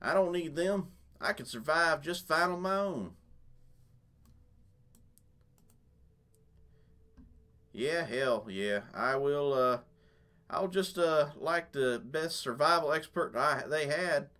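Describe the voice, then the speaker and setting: A man's voice: a little high, measured pace, fairly bright tone, pitched above the performer's own voice. A man voicing a cocky male loner who calls himself a survival expert, in a put-on Southern redneck drawl. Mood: boastful. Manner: drawling, brash, defiant.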